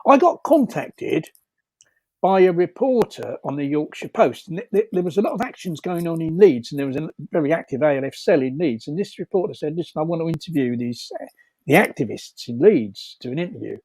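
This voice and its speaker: A man's voice: a little high, lively intonation, fairly quick, mellow, slightly rough, no echo. A man telling rambling anecdotes over a video call, laughing often, with many fillers and restarts. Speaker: storyteller guest.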